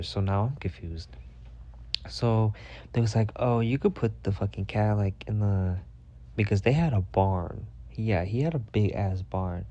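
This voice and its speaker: A man hosting a podcast, telling a casual story full of swearing, jumping to a high voice when he quotes himself. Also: highs cut off. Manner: profane, animated, jumps to a high voice when quoting himself. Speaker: podcast host.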